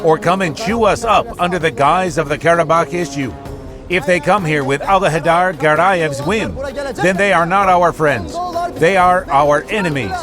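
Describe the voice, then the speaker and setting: An actor playing an impassioned parliamentary leader who fires off accusing rhetorical questions, in a dubbed documentary reenactment. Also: male voice, on the high side, lively intonation, normal speed, lightly acted. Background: music.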